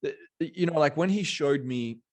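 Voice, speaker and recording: A man's voice: fairly high pitch, lively intonation, moderate pace. A man from Australia, talking in a casual podcast conversation, rambling and leaning on fillers like "you know" and "bro".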